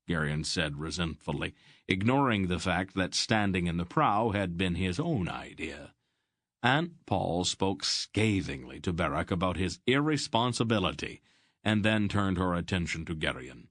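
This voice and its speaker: A man narrating a fantasy audiobook in an even, measured storytelling voice. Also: low voice, no echo.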